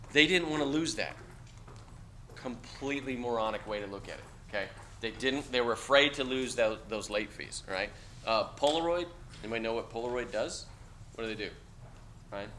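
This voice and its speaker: A man's voice: medium pitch, sharp tone, slight background noise. A middle-aged man giving a casual classroom lecture, talking to students in a blunt, conversational way and tagging lines with "okay?". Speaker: university lecturer.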